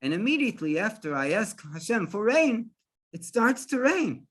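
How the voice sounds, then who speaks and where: A man's voice: sits high, big pitch swings, moderate pace, a bit bright, voice pushed up, exaggerated voice. A man voicing an anxious, pious village farmer who exclaims in panicked disbelief. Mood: earnest.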